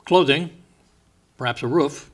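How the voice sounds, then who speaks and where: A male pastor preaching a sermon in church, talking with asides and chuckles, slowing down to stress the scripture he reads. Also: a little high, a bit bright.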